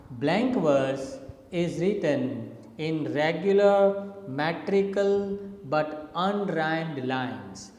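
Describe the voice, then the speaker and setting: Slow, patient man lecturing in an echoey room. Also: fairly high pitch, darkish tone. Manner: patient, repetitive explaining with frequent "okay". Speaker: literature teacher. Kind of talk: slide lecture.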